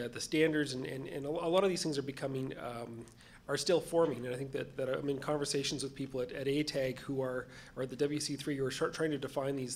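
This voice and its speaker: A man speaking on a conference panel, halting and repeating words as he searches for phrasing. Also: mid-range voice, slight background noise. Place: conference session room.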